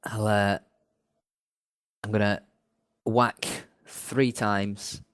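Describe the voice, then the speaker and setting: A man playing a tabletop game, describing his character's actions in a deliberate way. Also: lowish voice, flat delivery, smooth, dry recording. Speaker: player.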